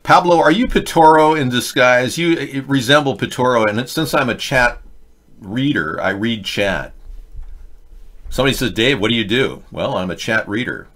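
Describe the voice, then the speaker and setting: A man's voice: medium pitch, animated, moderate pace, a bit bright. A man hosting a casual political commentary livestream, reading chat with rambling, sarcastic asides.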